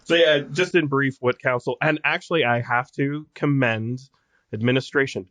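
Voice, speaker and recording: A man's voice: mid-range voice, moderate pace, a bit bright, dry recording. A man co-hosting a local podcast in casual chat, joking and laughing often. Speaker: podcast co-host.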